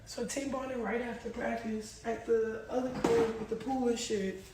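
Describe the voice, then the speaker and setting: A young woman telling a heated, profane story fast and animatedly, acting out what others said. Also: a little high, noisy background. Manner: profane, rapid, animated, acts out quotes. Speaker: reality star telling her side. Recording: echoey room.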